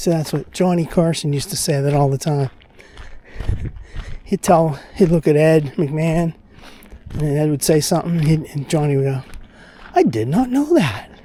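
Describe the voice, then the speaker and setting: A man from Pennsylvania rambles along in a relaxed, unhurried chat while out walking a trail, offering his opinions as they come to him. His voice is mellow and warm. A faint outdoor hush sits underneath. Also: fairly high pitch, a little hiss or hum. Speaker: vlogger. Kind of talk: casual walking-vlog monologue.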